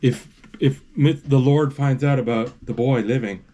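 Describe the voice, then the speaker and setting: A man narrating a movie as he watches it, halting and correcting himself, with sudden excited exclamations. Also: medium pitch.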